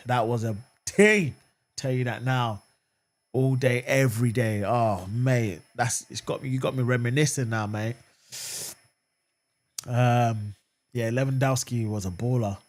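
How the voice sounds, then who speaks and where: A fan channel host with a mid-range voice and measured pace runs a live watchalong of a football match. He's animated, moving from calm chat and reading and answering viewer comments to outraged shouting at the referee.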